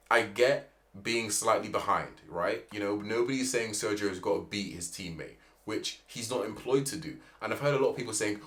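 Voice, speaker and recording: A man's voice: lowish voice, moderate pace. Emphatic male motorsport vlogger. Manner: animated, emphatic, rhetorical questions. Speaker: motorsport commentator. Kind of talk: opinionated commentary vlog.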